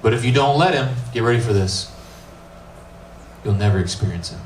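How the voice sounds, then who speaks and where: A man who is a middle school pastor gives a youth sermon, telling the story with animated, casual acted-out dialogue. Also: mid-range voice, normal speed, a little hiss or hum. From United States. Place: church youth room. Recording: echoey room, mic at a distance, faint ambience.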